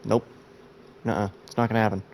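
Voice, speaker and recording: A man's voice: on the low side, little pitch movement, quick pace, vocal fry, slight background noise. A man who has just woken up, chatting through his gameplay in a rambling, self-mocking way. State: sleepy, just woke up. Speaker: gameplay video host. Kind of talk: casual let's-play commentary.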